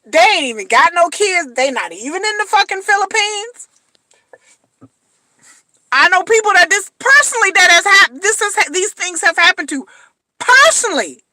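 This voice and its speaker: High bright blunt woman commentator. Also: lively intonation, normal speed, slight background noise. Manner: blunt, emphatic, slangy, repeats phrases. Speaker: reality TV commentator. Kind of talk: casual commentary vlog.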